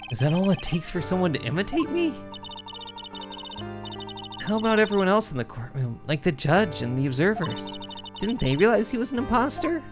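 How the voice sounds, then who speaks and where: A young defense lawyer, wry and exasperated, questions everything, as a streamer voices him. His intonation rises and falls freely, with game music playing clearly behind. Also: mid-range voice, sing-song, normal speed, voice pushed up, natural voice. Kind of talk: reading game dialogue aloud on a live stream.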